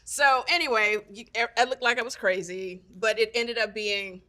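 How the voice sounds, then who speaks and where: A woman guest telling stories in casual chat, acting out quoted voices with big jumps in pitch and saying "like" and "so anyway" often. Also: fairly even intonation, moderate pace, pushed and bright. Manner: frequent "like" and "so anyway".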